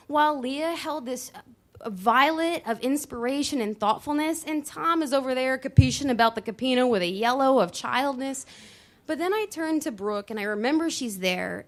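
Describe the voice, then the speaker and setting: A woman telling a personal story on stage at a live show, animated, with dramatic pauses and voice shifts. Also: sits high. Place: dance studio venue, live show.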